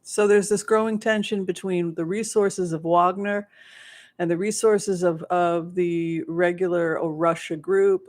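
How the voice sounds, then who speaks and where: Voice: mid-range voice, steady tone, a little slow. A psychic remote viewer answering questions live in a rambling monologue, with frequent restarts and acted-out quotes.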